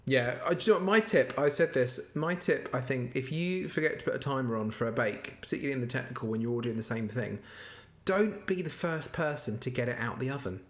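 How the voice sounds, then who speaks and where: A man's voice: medium pitch, brisk. A man guesting on a podcast, chatting casually and telling jokey stories with frequent laughs. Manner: laughing, lively and jokey storytelling. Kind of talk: casual chat recapping a baking show.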